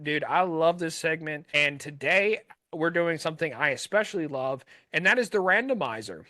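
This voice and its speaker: An American man co-hosting a podcast in a chatty, enthusiastic way, guiding the talk into the next segment. His voice sits high and bright, picked up close on a studio mic with a dry sound. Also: dry recording. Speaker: podcast co-host. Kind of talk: casual chat.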